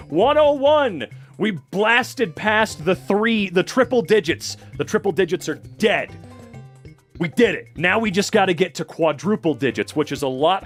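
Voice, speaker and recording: Young man, livestreamer, excitable, profane, animated voice. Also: a little high. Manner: excitable, swears a lot, laughs often, reacts to chat. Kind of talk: casual livestream chat.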